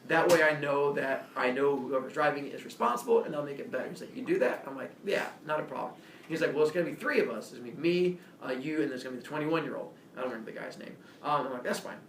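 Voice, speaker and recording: A young man with a slightly raised pitch recounts a story in a casual, animated way, acting out the people in it. He sounds a little distant from the mic in an echoey room, with faint ambience behind him. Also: quick pace, slight background noise. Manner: animated, acts out quoted voices. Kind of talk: casual anecdote.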